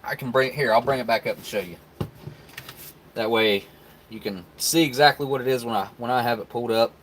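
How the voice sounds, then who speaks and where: A man's voice: medium pitch, fairly quick, fairly bright tone, slight background noise. A man, hosting a casual live stream where he tastes food and chats with viewers in a laid-back, rambling way. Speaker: live stream host reviewing military rations.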